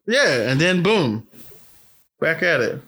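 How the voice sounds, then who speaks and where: A young man hosting a podcast, telling stories in animated, profane casual chat with frequent restarts. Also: on the high side, slow pace. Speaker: podcast host.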